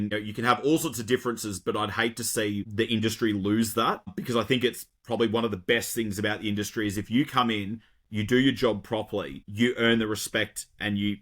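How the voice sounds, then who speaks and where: Australian man, podcast guest on a video call, talkative and animated, casual. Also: lowish voice. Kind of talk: casual chat.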